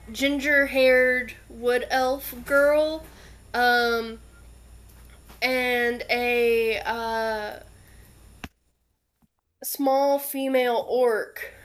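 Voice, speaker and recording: A woman narrating as game master in a tabletop game, hesitant with frequent pauses and little laughs. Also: fairly high pitch, fairly bright tone. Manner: unhurried, hesitant with many ums, giggly.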